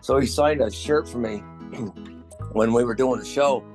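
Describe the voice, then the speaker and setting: A man's voice: medium pitch, unhurried, soft background music. A man in his sixties, a retired motorcycle stunt rider, casually reminiscing in a folksy storytelling way. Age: 60s. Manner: folksy storyteller, laughs at his own tales.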